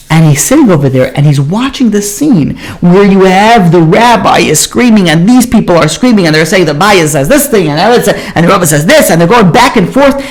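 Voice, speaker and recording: A man with a fairly high voice delivers a sermon as a story. He speaks casually and loosely, leaning on "you know" and "like" as he goes. His delivery is conversational rather than formal. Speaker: rabbi.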